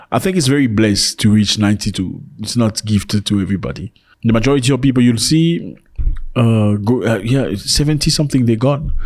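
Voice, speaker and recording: Animated joking male commentator. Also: husky. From Africa. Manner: animated, joking, pitch leaps high for emphasis. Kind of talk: reaction commentary.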